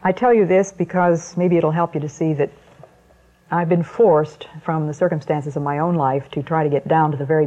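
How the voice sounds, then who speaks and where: A woman with a lowish voice delivers a sermon talk at a measured pace, letting weighty pauses settle between her phrases. Her words come through a muffled, lo-fi recording. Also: darkish tone. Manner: slow, deliberate, with weighty pauses. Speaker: Christian speaker.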